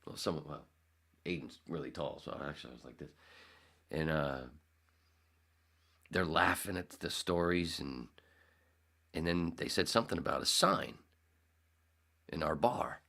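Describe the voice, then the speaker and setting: Very deep-voiced man telling a rambling story. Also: expressive, measured pace, vocal fry, long pauses, fairly bright tone. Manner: rambling, with frequent restarts and self-corrections. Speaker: podcast host. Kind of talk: casual storytelling.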